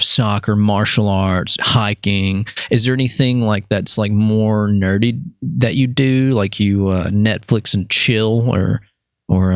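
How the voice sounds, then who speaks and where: A man's voice: fairly low pitch, no echo, studio quality. A young man from Alabama with a mild Southern accent, hosting a casual, joking interview chat. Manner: laid-back, joking, laughs often. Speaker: podcast host.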